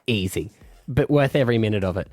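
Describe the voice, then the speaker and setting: Lively Australian radio host, dry sound. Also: male voice, lowish voice, fast, no room sound. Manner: enthusiastic, setting up clips. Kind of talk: breakfast radio chat.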